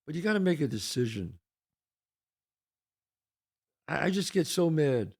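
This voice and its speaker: A man's voice: a little high, sing-song, fairly quick, gravelly, a little mellow, breathy edge. An older American man hosting his own show, delivering a heated, profane solo rant full of rhetorical questions. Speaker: podcast host.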